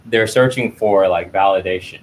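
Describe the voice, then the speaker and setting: A man hosting a casual chat while stretching, animated and acting out the voices he quotes. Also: deep voice, normal speed, slight background noise. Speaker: host.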